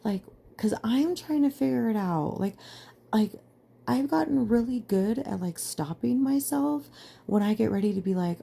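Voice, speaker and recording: A woman's voice: a little high, lively intonation, moderate pace, creaky, mellow, slightly rough. A young adult woman hosting a podcast, talking in an earnest, emphatic monologue full of "like" fillers. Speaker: podcast host. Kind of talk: casual personal monologue.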